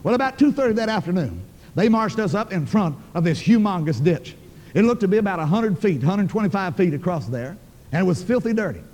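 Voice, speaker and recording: Older man, preacher, folksy and emphatic, rapid delivery, reverberant hall. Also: high-pitched, big pitch swings, darkish tone. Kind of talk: sermon storytelling.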